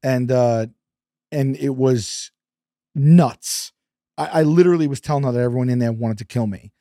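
A man telling a story as a podcast guest, animated, acting out his quotes and sometimes dropping to a whisper. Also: mid-range voice, moderate pace, dry recording, clean studio sound. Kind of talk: casual storytelling.

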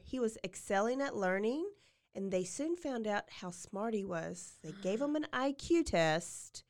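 Woman podcast host chatting thru a true crime story, mid pitch, lots of "like" and little acted quotes.

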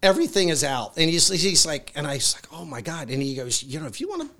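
A man telling a long story in a casual, excitable way, rambling with many restarts. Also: fairly high pitch, fast, vocal fry. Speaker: guest.

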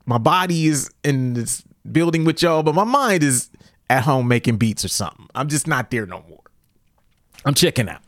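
A man casually telling a story, animated, laughing often and talking in loose slang. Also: medium pitch, normal speed, no echo, studio quality.

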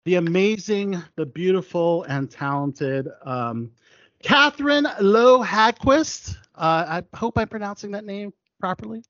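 An American man hosts a casual interview, his voice sitting a little high and close with a dry sound. He keeps pausing on fillers and restarting his sentences. The recording is a bit dull and lo-fi. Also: lively intonation, no room sound. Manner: hesitant, many fillers and restarts. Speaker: podcast host.

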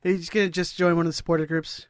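A man's voice: on the high side, flat delivery, fast, very noisy. A man co-hosting a casual sports podcast, laid-back and teasing in a rambling way. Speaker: podcast co-host. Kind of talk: casual chat.

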